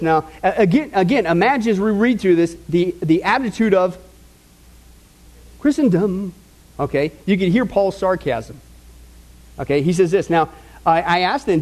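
A man preaching a Bible-teaching sermon as a pastor. He asks the congregation questions and keeps checking in with them. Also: low-quality recording. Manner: asks the audience rhetorical questions and checks in with "okay?"; animated, with sudden jumps in pitch for emphasis.

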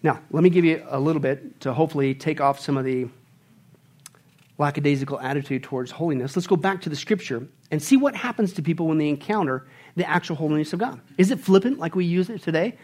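A man preaching a sermon as a pastor, swinging between loud outbursts and hushed, whispered lines. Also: a little high, fast.

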